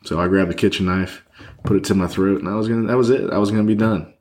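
A man with a fairly low voice talks as a guest on a podcast. He tells his story candidly and rambles, leaning on fillers. He sits across a table from the host. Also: fairly even intonation, fast, a little mellow. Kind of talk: personal story in conversation.

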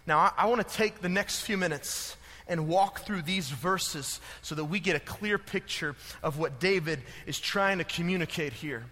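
A man's voice: on the high side, normal speed, sharp tone. A man preaching a sermon, reading scripture and then explaining it in a casual, conversational way with filler words, in a church sanctuary. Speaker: pastor. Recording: long hall reverb.

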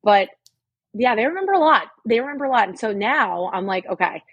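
Woman, husky voice, blunt and salty, dry close sound. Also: fairly high pitch, lively intonation, brisk, a bit bright, dry recording, highs cut off. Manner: frank, swears freely, many fillers. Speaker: podcast co-host. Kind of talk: casual chat.

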